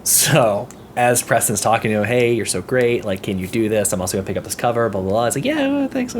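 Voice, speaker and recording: A man's voice: fairly low pitch, fast talker. Casual male podcast co-host, faint noise. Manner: animated storyteller, acts out quotes. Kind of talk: casual chat, storytelling.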